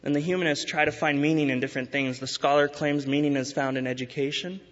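A man's voice: on the high side, fairly even intonation. Earnest man preaching in a reverberant hall. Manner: earnest, urging, with emphatic rises and slow stresses. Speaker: pastor. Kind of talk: sermon. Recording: dull sound with long hall reverb.

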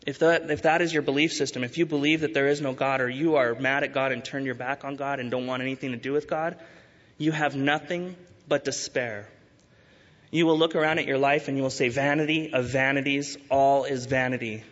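A man preaching a sermon as pastor, earnest and urging, slowing to stress key words. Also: mid-range voice, fairly even intonation, fairly bright tone. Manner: earnest, urging, with emphatic rises and slow stresses. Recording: dull sound with long hall reverb.

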